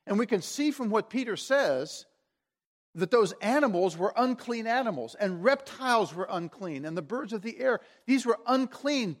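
This man's voice sits high, and he speaks at a moderate pace. Preaching a sermon, he animatedly retells a story and puts questions to his listeners.

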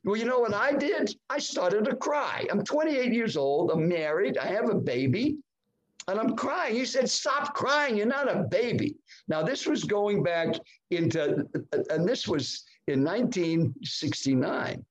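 Animated older man telling a story. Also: unhurried. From United States. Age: 70s. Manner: animated, dramatic pitch swings. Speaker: guest speaker. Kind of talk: storytelling in a podcast interview.

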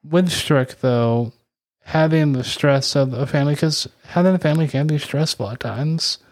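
A man's voice: a little high, moderate pace, a little mellow, no echo. A man co-hosting a podcast in casual chat, easygoing and retelling scenes. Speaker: podcast co-host.

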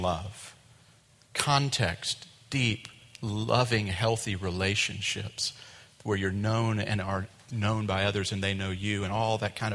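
Man, pastor preaching, bright forceful tone, long hall reverb. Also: lowish voice. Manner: animated preaching, acts out quoted voices. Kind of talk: sermon. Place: church sanctuary.

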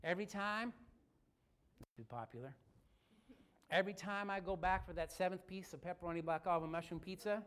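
A man preaching a sermon. He tells a story with energy and builds to loud, fervent preaching. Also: sits high, brisk, pauses often. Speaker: pastor.

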